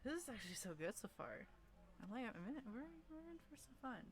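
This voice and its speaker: A woman's voice: fairly high pitch, big pitch swings, fairly quick. A woman hosting a livestream where friends read fanfic together. She giggles often, puts herself down, and stumbles and restarts her words. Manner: giggly and self-deprecating, laughs often between lines. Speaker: streamer hosting a group fanfic reading. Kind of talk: casual livestream chat.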